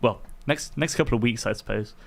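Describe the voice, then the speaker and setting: A man's voice: medium pitch, fairly quick, creaky. An English man co-hosting a casual live-stream chat, speaking hesitantly with frequent ums and restarts. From England. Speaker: podcast co-host.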